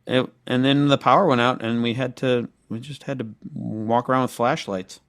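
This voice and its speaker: Deadpan guy on a comedy podcast, lots of ums, mid pitch, dry close sound. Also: dry recording. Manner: hesitant, halting, filler-heavy and deadpan. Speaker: podcast co-host. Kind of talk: casual comedic chat.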